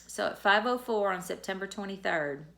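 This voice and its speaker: Middle-aged woman, a bit of fry, chatty and candid, vlog storytelling. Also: medium pitch, lively intonation, moderate pace, fairly bright tone. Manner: candid, conversational, retells dialogue. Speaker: teacher.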